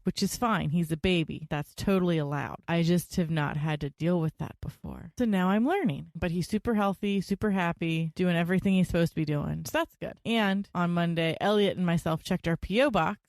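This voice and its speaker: A young woman co-hosting a podcast, telling family stories in a chatty, animated way. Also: fairly low pitch, fairly quick, hardly any pauses, dry recording, clean studio sound. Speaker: podcast co-host. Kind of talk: casual chat.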